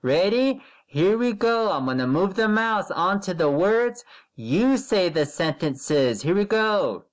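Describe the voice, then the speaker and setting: A man leads a recorded reading lesson for first graders from his computer. He speaks at an unhurried pace with a lively, swinging intonation. He repeats every direction and stretches each word when he reads a sentence aloud for the children to copy. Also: high voice. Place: recording at a computer while sharing the screen.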